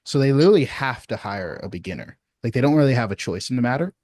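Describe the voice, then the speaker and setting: Male sales coach, mid pitch, relaxed chatty delivery, dry video-call audio. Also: fast talker, no echo. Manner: relaxed, uses many fillers like "you know what I mean". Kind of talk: casual advice on a support call.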